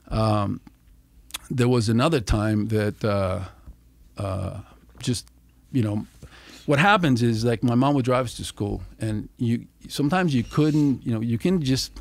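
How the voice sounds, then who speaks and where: Gravelly middle-aged man telling stories. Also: medium pitch, no echo. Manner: animated storyteller, swears freely, acts out quotes. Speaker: podcast guest. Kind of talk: casual storytelling.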